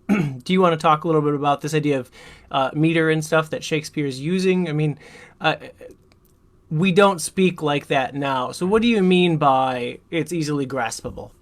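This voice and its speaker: A man's voice: a little high, normal speed. A man hosting a Q&A over a video call, asking questions with a bit of stammering. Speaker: Q&A host. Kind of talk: casual interview questions.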